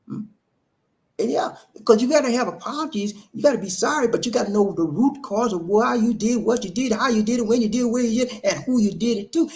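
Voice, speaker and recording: A man's voice: high voice, expressive, fairly quick. A man, hosting an emphatic, preachy monologue on relationships, full of repetition and rhetorical questions. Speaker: relationship talk host.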